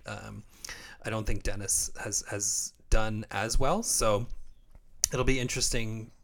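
Chatty low-voiced man from Canada. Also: unhurried, creaky. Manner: chatty, laughs often, relaxed. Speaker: podcast co-host. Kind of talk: casual chat.

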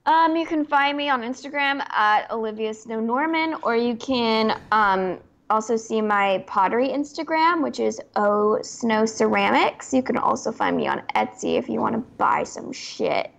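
A woman's voice: a little high, lively intonation, moderate pace, vocal fry, few pauses. A young woman guesting on a podcast over a video call, chatting casually and hedging her points with lots of "like.". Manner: chatty, hedging, frequent "like" and restarts. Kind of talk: casual chat.

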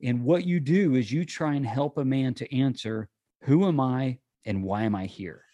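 A man's voice: mid-range voice, normal speed, warm tone, dry recording. A man hosting an interview, who encourages his guest and often affirms him while asking questions. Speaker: podcast host.

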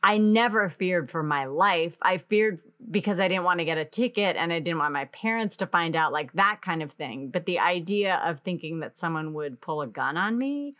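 A woman's voice: fairly low pitch, expressive, moderate pace, hardly any pauses, fairly bright tone. A woman hosting a casual conversation, listening closely and reacting often with short interjections.

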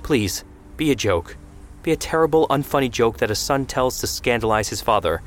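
A man's voice: medium pitch, lively intonation, a little fast, a little hiss or hum, close to an everyday voice. A man voicing a worried middle-aged father who talks in a pleading way.

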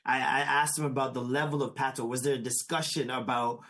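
A man speaking as a guest on a radio panel discussion, expressive and quick to laugh. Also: medium pitch.

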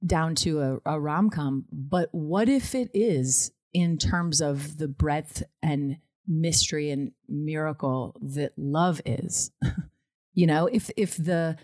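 A woman with a low voice talks through her thoughts in a relaxed conversation. She is reflective and a little self-mocking, and often breaks into laughter. The sound is dry and close. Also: slow pace, no echo. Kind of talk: casual conversation. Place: Los Angeles area.

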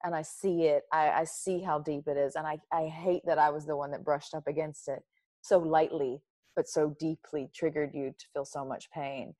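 A woman's voice: deep voice, steady tone, moderate pace, darkish tone, no echo. A woman guest speaking earnestly and emotionally in an interview, often repeating words as she starts a thought. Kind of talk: heartfelt interview talk.

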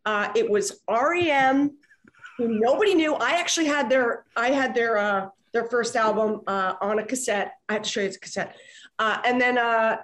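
A woman's voice: fairly high pitch, normal speed, a bit bright. A middle-aged woman, a podcast guest, chatting casually and rambling with many restarts and fillers. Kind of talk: casual chat.

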